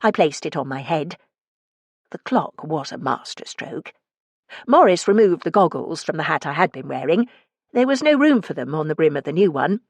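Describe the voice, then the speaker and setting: A woman narrating a cozy mystery audiobook in the first person, wry and expressive, recorded close in a studio. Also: low-pitched, moderate pace, dry recording.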